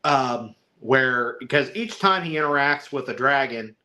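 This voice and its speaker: A man with a bright, forceful voice talks loosely through a film, rambling and chuckling as he goes. He slips into little put-on voices to act out lines, then drops back into easy chat at a middle pitch. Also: expressive, measured pace. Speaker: podcast co-host reviewing a film. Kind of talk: casual chat.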